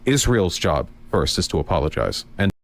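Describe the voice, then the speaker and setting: A man with a low voice argues politics in a debate. He pushes his point but stumbles through "um" and "like" along the way. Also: very animated, normal speed, gravelly. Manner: argumentative, hesitant fillers. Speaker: debate show host.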